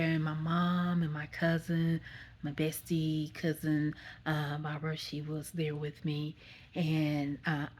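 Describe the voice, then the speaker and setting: A woman with a Texan accent telling a personal story in a loose, rambling way, often correcting herself and saying "y'all.". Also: deep voice. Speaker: vlogger. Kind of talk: casual storytime.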